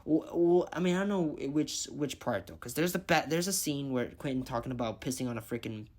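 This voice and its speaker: A man's voice: medium pitch, a little fast. A man giving a casual movie review vlog, rambling and thinking aloud, swearing freely as he picks his favorites.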